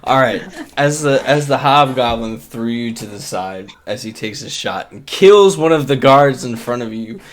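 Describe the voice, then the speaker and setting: Animated young man running a tabletop game. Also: mid-range voice, moderate pace, hardly any pauses. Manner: animated, laughs often. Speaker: game master.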